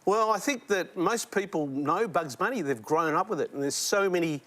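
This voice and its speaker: A man's voice: sits high, lively intonation, normal speed. A man, a teacher on a quiz show, chatting in an eager, playful way. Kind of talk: casual TV chat. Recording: loud studio audience and noise.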